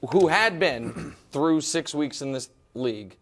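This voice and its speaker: A man hosting a sports debate show, teasing his co-host and making picks in a dramatic, fast way. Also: a little high, animated, a bit bright.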